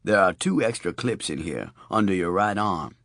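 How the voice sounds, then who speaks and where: A male narrator voicing a tough, laid-back gunman in an audiobook, lower than his own voice and speaking coolly. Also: animated, moderate pace, fairly bright tone, dry recording, clean studio sound.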